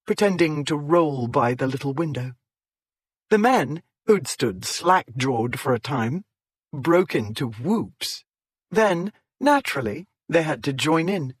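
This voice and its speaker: A man reading a historical romance audiobook in a measured storytelling voice, raising his pitch to voice the characters. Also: lively intonation, husky, no room sound. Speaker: audiobook narrator. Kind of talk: scripted narration.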